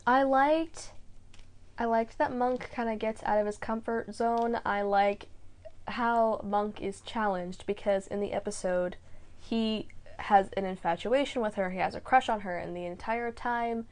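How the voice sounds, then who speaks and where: A woman guest co-host talks casually and expressively. She laughs often as she shares her thoughts. Her voice is a little higher than most. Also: a little slow, a little mellow. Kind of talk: casual recap chat.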